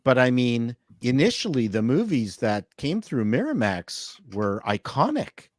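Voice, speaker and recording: A man's voice: medium pitch, sing-song, measured pace, no room sound, studio quality. A man chatting casually as a podcast panelist, rambling with restarts and hedges. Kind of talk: casual chat.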